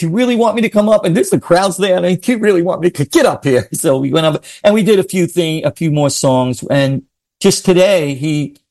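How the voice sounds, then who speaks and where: Excitable middle-aged singer telling stories. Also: male voice, fairly high pitch. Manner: excitable storyteller, acts out quotes, laughs often. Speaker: singer, guest. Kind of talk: casual interview chat.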